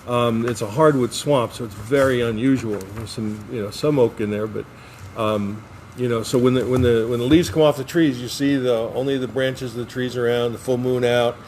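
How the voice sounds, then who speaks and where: A man's voice: medium pitch, steady tone, moderate pace, darkish tone, a little hiss or hum. A man co-hosting a podcast, telling a rambling story with frequent restarts. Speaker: podcast co-host. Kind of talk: casual chat.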